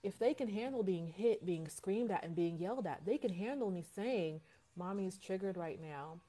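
A woman's voice: medium pitch, expressive, normal speed, dark tone. A woman in a live-stream conversation, speaking earnestly and reflectively about parenting, often repeating phrases as she searches for words.

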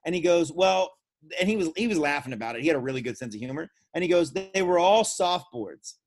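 Animated Florida man telling surf stories. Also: fairly high pitch, very fast. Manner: animated storyteller who acts out quoted voices. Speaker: podcast co-host. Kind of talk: casual chat, storytelling.

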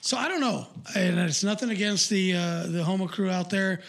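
A man's voice: sits high, moderate pace, creaky, fairly bright tone. A man co-hosting a podcast in casual live-stream chat, rambling bluntly with lots of fillers and swearing. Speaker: podcast co-host.

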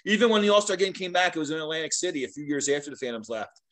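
With a voice on the high side and a very fast delivery, a middle-aged man who has long worked as a sports mascot shares anecdotes as a guest. His storytelling is casual and lively, full of laughter and impressions of what others told him.

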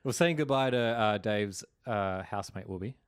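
A man's voice: on the low side, normal speed, clear, resonant tone, no room sound. A man with an Australian accent co-hosting a podcast, tossing in dry joking asides during casual chat. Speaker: podcast co-host.

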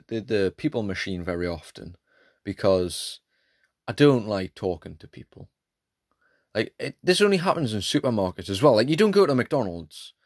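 A man's voice: medium pitch, dry recording, clean studio sound. Rambling young male podcaster. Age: late teens. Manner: rambling, jokey, self-deprecating. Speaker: podcast host. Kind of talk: casual solo podcast chat.

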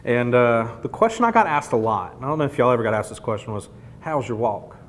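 A man's voice: sing-song, quick pace. A man preaching a sermon in an earnest, conversational way, building points through repetition. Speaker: pastor. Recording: long hall reverb, faint rumble.

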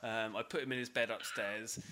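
A man's voice: on the low side, steady tone, fairly quick, sharp tone. A man on a podcast, animatedly telling a story through laughter and swearing. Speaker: podcast co-host. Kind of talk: casual storytelling chat.

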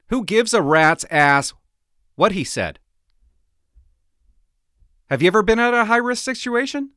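A middle-aged man rants in a sarcastic, exasperated way, and his voice leaps up and down as he mocks what he reads. He sits a little higher than most men and sounds close and dry, with no room around him. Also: sharp tone, no echo. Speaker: former police officer reacting to news. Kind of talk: opinionated commentary vlog.

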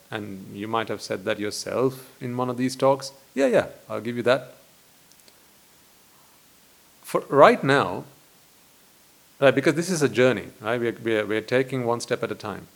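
A man, a Buddhist monk, giving a dharma talk in a deliberate way, full of rhetorical questions and repetition. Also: medium pitch, lively intonation, creaky, fairly bright tone.

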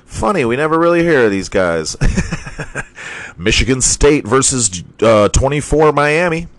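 A man's voice: mid-range voice, animated, measured pace, no echo. A man hosting a sports podcast, reading college football scores in a casual, profane, ranting manner and laughing at his own slips.

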